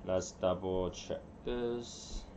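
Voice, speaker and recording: Deep-voiced man rambling on a livestream. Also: steady tone, extremely slow, noisy background. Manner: rambling, mutters to himself while fiddling with settings. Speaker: livestream host. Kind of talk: casual live-stream chat. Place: room at home.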